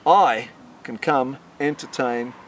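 Middle-aged man, brash and swaggering, rambling, profane, mid-pitched voice. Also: takes it slowly, a little hiss or hum. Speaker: interviewee. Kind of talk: rambling casual interview talk.

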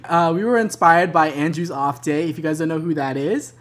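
A man's voice: fairly high pitch, fairly quick. Giggly young man hosting a vlog. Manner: giggly, laughs between phrases. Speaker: vlog host. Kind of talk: casual chat.

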